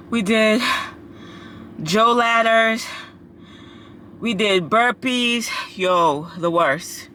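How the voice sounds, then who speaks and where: A woman's voice: fairly high pitch, very slow, pauses often, sharp tone, slight background noise. A woman vlogger, chatting casually, out of breath and exasperated. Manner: exclaiming, exasperated. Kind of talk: casual vlog chat.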